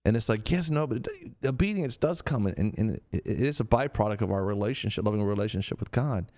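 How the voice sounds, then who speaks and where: A man's voice: on the low side, lively intonation, quick pace, warm tone. A man preaching conversationally, earnest and repetitive, sometimes acting out the voices he quotes. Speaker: preacher on a radio show.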